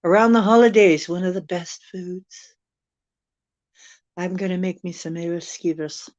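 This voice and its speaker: Slow, jokey woman host chatting. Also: fairly low pitch, a little mellow, no room sound, highs cut off. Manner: jokey, chatty, laughing easily. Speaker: channel host. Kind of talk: casual livestream chat.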